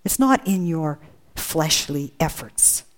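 A woman's voice: low-pitched, lively intonation, slow pace. A woman preaching a sermon, earnest and emphatic, often asking rhetorical questions.

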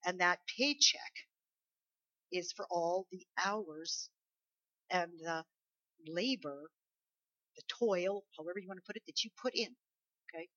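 A woman's voice: fairly low pitch, unhurried, long pauses, bright, forceful tone, no echo. A woman preacher giving a sermon, talking emphatically and conversationally and asking the congregation rhetorical questions. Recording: dull lo-fi recording.

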